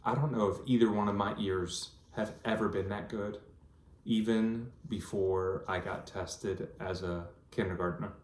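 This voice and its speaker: Casting: vlogger in his thirties, lowish voice, earnest and rambling, recorded in a reverberant room. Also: fairly even intonation, a little slow, slight background noise. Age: 30s. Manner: earnest, rambling storytelling with many ums. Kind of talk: casual personal vlog. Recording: echoey room.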